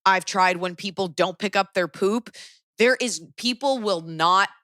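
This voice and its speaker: A woman hosting a podcast in casual chat, opinionated and animated, with quick asides. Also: medium pitch, dry recording, clean studio sound. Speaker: podcast host.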